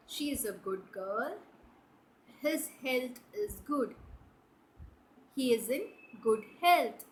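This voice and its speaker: A woman teaching an English grammar lesson to children, explaining step by step and checking "right?" and "clear?". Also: a little high, fairly bright tone, a little hiss or hum, poor audio.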